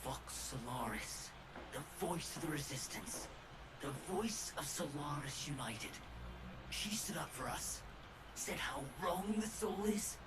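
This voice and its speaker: A desperate indebted scrap dealer. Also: male voice, a little high, lively intonation, slow, heavy background noise. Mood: wistful. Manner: pleading, working-class colloquial. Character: down-on-his-luck indebted male scrap dealer.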